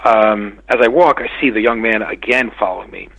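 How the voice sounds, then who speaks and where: Gravelly, hesitant man recounting a dream. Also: lowish voice, a bit bright, low-quality recording. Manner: hesitant, halting with many restarts and fillers. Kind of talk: casual spoken recounting.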